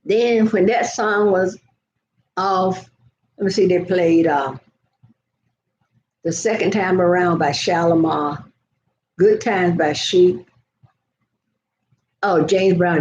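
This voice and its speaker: A woman's voice: on the low side, a little mellow. Older woman rambling chattily, lo-fi sound. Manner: chatty and meandering, talks straight to viewers. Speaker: vlog host chatting with live viewers. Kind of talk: casual rambling storytelling. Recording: dull lo-fi sound with faint noise.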